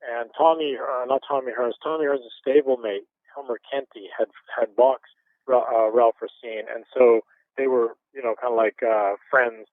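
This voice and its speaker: A man's voice: mid-range voice, normal speed, dry recording. A man in his fifties from Canada, animatedly telling stories in a casual interview and chuckling now and then. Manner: animated storyteller, chuckles often. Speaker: interview guest, former boxer. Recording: tinny phone-line sound.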